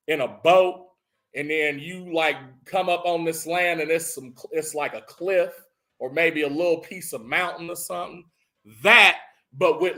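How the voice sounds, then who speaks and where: A man recapping a movie as casual comedy, telling it in a profane, animated way with rising bursts. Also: a little high.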